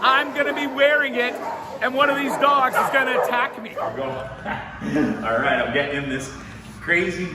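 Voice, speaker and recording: A high-voiced man talks to camera in a kennel, quick to laugh and joke. The room rings with a long echo. Loud barking dogs fill the background. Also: very noisy. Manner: excitable, joking, laughing often. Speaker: show host filming a segment. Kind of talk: handheld vlog commentary.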